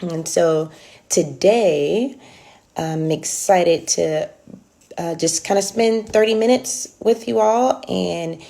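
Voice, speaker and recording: Low gravelly-voiced woman hosting a livestream. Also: mellow. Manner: chatty, many ums and restarts. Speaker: livestream host. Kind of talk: casual livestream chat. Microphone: phone held close.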